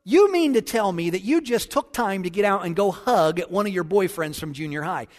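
A man's voice: expressive, moderate pace, long reverb tail. A man telling a story in a sermon voices a boastful, indignant older husband with a raised, exasperated voice. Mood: boasting. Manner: exasperated, raised pitch and volume.

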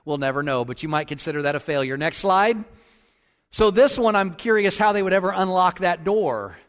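A male pastor delivers a sermon in a folksy, joking manner that turns solemn when he prays. His voice sits fairly high. It rings out with a long reverb in a church sanctuary. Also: expressive, fairly quick, fairly bright tone.

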